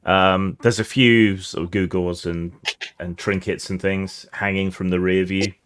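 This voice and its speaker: A man narrating as game master of a tabletop game, relaxed and descriptive with many fillers. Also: low-pitched, measured pace, a little hiss or hum.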